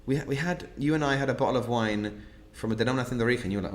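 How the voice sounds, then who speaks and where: A man's voice: mid-range voice, racing, a little hiss or hum. A man hosting an online wine tasting, chatting casually and laughing often at his own jokes.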